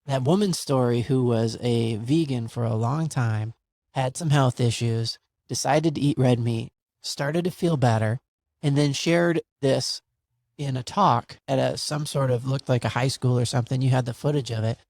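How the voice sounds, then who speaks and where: Man, podcast host, reflective, mid pitch, dry close sound. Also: moderate pace, a little mellow, no echo. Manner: thoughtful and reflective, thinking aloud with many "like"s. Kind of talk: casual podcast conversation.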